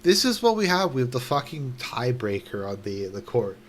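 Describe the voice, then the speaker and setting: A young man giving casual commentary while reading a news article aloud, indignant and sarcastic, swearing, halting and restarting often. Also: mid-range voice, sing-song, a little hiss or hum. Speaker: online commentator.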